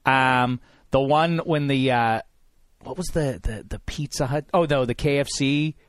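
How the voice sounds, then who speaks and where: A man hosting a podcast, talking in animated, playfully indignant banter in a studio. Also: mid-range voice, measured pace, dry recording. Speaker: podcast host. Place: recording studio.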